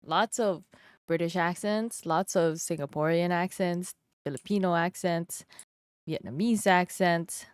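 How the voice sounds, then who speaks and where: A woman's voice: on the low side, measured pace, smooth, dry recording, studio quality. A woman from Canada chatting casually with her stream viewers while she draws, laughing often and asking them questions.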